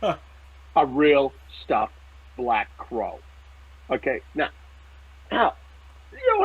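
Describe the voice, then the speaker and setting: A man, telling a story as a psychic medium in lively casual talk, swearing now and then and checking in with "right?". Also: on the high side, takes it slowly, long pauses, breathy edge, no echo. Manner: animated, swears casually, laughs often, repeats "right?" and "okay?". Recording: tinny phone-like line.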